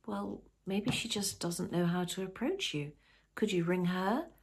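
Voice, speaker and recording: A woman reading the lines of a kind, steady husband in a storybook, gentle and reassuring. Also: medium pitch, unhurried, breathy edge. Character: kind, steady husband, middle-aged man.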